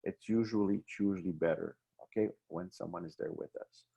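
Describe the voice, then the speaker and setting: A man's voice: low voice, fairly quick, creaky, warm tone, slightly rough, muffled recording. A middle-aged man giving an instructional talk on helping people through grief. He often checks in with the listener and acts out short sample conversations. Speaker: wellness speaker.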